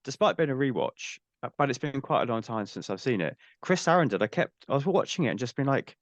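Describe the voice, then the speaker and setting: A man discussing a film casually as a podcast host, measured and thoughtful in his phrasing. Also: medium pitch, lively intonation, no room sound.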